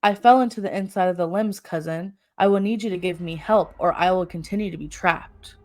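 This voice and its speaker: A woman voicing an eerie thing posing as a young boy, speaking in flat, stilted, oddly formal phrases, lower and quieter than her own voice. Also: fairly quick, natural voice.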